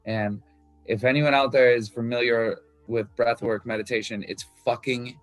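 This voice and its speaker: A man's voice: medium pitch, steady tone, moderate pace, dry recording, faint music behind. A man talking about writing his album, loose and candid, swearing freely and full of fillers. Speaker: musician discussing his album. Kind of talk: casual talk about songwriting.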